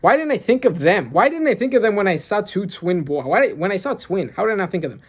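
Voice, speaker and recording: With a slightly rough, medium-pitched voice, a young adult rattles through a new manga chapter quickly, barely pausing. This casual reaction features panels read aloud, eager gasps, laughs and many fillers.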